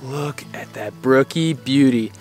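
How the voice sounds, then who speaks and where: A man's voice: medium pitch, takes it slowly. Hyped guy on a creek, yelps and laughs a lot, faint music under it. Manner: excitable, exclaiming, laughing often. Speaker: fly fishing vlogger. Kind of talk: excited outdoor vlog commentary. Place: outdoors by a creek.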